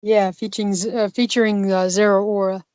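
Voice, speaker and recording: A woman's voice: mid-range voice, flat delivery, brisk, a little mellow, dry recording. A woman cohosting a casual podcast discussion, rambling with many restarts and fillers.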